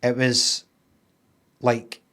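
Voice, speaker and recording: A man's voice: mid-range voice, completely flat delivery, very slow, fairly bright tone. Rambling sweary Glaswegian man. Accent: Glaswegian Scottish. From Scotland. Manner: rambling, sweary, acts out quotes in changed voices. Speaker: streamer telling a story. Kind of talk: casual storytelling.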